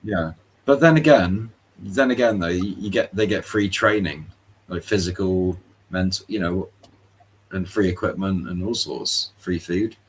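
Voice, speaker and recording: Very deep-voiced easygoing man. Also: a little slow, a little hiss or hum. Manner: easygoing, hesitant, with fillers and restarts. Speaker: participant in open discussion. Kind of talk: casual chat on a live voice call.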